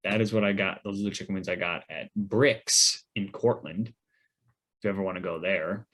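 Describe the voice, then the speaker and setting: A man co-hosting a podcast, telling a story in a rambling, animated way with many fillers. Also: deep voice, moderate pace. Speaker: podcast co-host. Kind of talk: casual storytelling.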